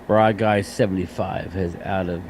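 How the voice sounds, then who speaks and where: A man's voice: low-pitched, steady tone, moderate pace, noisy background. Tired, joking man hosting a sports stream. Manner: chatty, joking, reads viewer comments aloud. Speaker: live stream host. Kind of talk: casual sports reaction chat.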